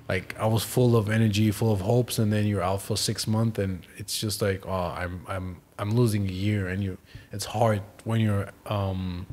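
Young German-accented pro athlete guest, low easygoing voice, halting with ums. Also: male voice, a little mellow. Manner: easygoing, hesitant with many ums and restarts. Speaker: guest, professional soccer player. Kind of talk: casual podcast interview.

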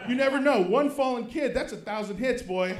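Stand-up comic, man, thirties, high animated delivery, roomy club mic. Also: brisk, a faint crowd. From Kansas City, United States. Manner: animated, swings from low mutters to loud shouted punchlines. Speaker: stand-up comedian. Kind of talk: stand-up comedy set. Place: comedy club stage.

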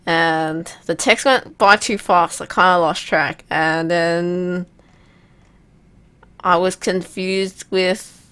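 A young woman casually commenting while playing a video game, chatty and self-mocking, now and then letting out loud whoops. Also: fairly low pitch, fairly even intonation, takes it slowly, smooth. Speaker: let's play gamer.

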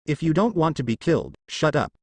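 A man voicing a worried teenage girl giving a hushed warning. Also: a little high, very animated, brisk, no room sound. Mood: urgent.

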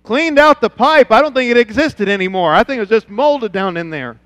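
A male pastor preaching a sermon, telling a personal story and moving from quiet, low passages to loud, fervent ones. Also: animated, brisk, clear, resonant tone, dry recording. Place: church.

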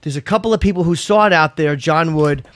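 A man's voice: fairly high pitch, fairly quick, a bit bright, dry recording, clean studio sound. A man co-hosting a casual chat show, retelling a story with heat and plenty of swearing. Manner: heated, profane retelling, quotes others. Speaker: podcast co-host.

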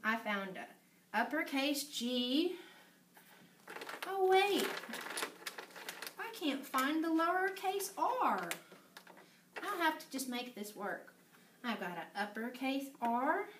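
A woman leads a preschool circle time in a high, lively voice that swoops up and down. She talks slowly and brightly in a sing-song way, sometimes dropping into a hush. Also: noisy background. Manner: sing-song, exaggerated storytelling with sudden whispers and shouts. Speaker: preschool teacher. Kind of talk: circle time lesson for young children.

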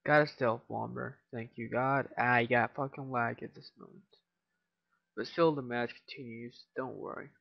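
A tired teenage boy talks over his shooter gameplay in a gravelly, mid-pitched voice, mumbling and swearing as he goes. The lo-fi mic makes him sound dull. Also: steady tone, normal speed. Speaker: gameplay commentator. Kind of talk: casual game commentary.

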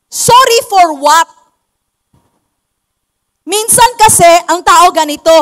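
A woman's voice: very high voice, lively intonation, slow, long pauses. A Filipino woman preaching a sermon, teaching emphatically and slipping into acted quotes. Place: church hall. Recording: long hall reverb.

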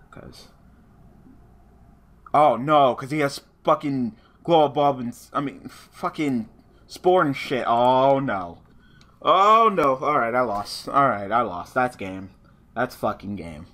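A man's voice: fairly low pitch, breathy edge. A man giving casual live commentary on his online card game match, swearing freely and talking at his opponent. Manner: profane, excitable, talks to his opponent.

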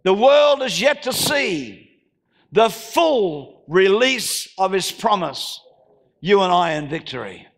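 An Australian man preaching a sermon as pastor, calling out to the congregation and rising into shouted declarations, recorded in a church hall. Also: sits high, very animated, slow.

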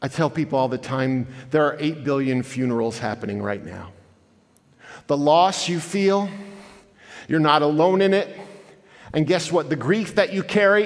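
In an echoey, spacious church hall, a guest speaker tells stories to the audience in an earnest, conversational inspirational talk. He has a slightly high voice and keeps a moderate pace.

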